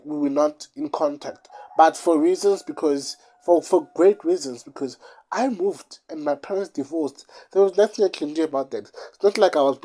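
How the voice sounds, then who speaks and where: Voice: medium pitch, mellow. A young adult from South Africa with a South African accent, telling a personal story in a casual vlog, rambling and repeating phrases for emphasis. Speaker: YouTuber.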